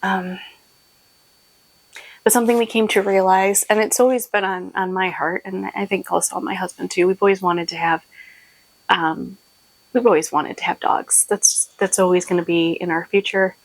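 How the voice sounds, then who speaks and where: A woman's voice: medium pitch, steady tone, normal speed, no echo, poor audio. Chatty, sleepy woman podcast host. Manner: chatty and rambling, with many fillers and laughs. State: sleep-deprived. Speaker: podcast host and shop owner. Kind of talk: casual chat to camera.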